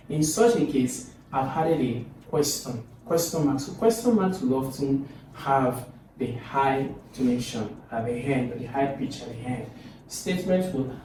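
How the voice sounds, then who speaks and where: A man teaching a recorded lesson, lively and demonstrative, often pushing his pitch up on example phrases. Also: a little hiss or hum. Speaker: English teacher. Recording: echoey room from a distance.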